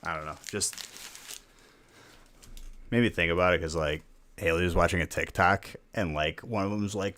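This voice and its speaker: A man's voice: low voice, moderate pace, pauses often, a bit bright. A man hosting a live stream, ranting in casual chat and saying "like" a lot. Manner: ranting, heavy use of "like". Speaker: stream host.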